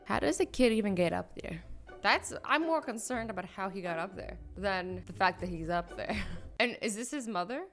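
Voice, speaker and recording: A woman's voice: medium pitch, moderate pace, a bit bright, soft background music. A woman hosting a reaction video, commenting on clips with incredulous, scolding rhetorical questions. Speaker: YouTube reaction host.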